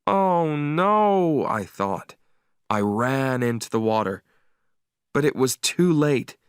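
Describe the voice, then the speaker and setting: A man narrating a simple story slowly and clearly for English learners, with an expressive reading. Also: mid-range voice, no echo, studio quality.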